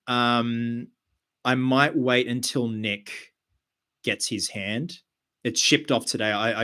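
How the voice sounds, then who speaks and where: A man hosting a casual live stream, chatty with quick asides and fillers. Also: mid-range voice, a bit bright. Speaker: host of a live show.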